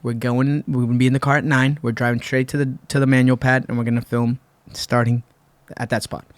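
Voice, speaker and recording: A man from Puerto Rico, a podcast guest in a studio, telling a lively casual story and acting out his friends' lines. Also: medium pitch, fairly quick, dry recording. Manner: animated, acts out friends' lines.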